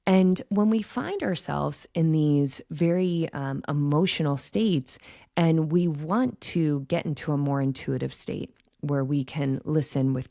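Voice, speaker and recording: A woman hosting a podcast, calmly teaching in a gentle, reflective monologue that often checks in with "right?". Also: deep voice, creaky, dry recording, studio quality. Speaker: podcast host and intuition coach.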